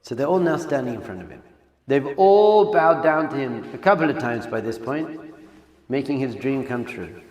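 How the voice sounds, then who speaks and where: A man, a rabbi, giving an animated Torah class, swinging between hushed lines and loud exclamations. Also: medium pitch, moderate pace, dull audio. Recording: echoey hall sound effect.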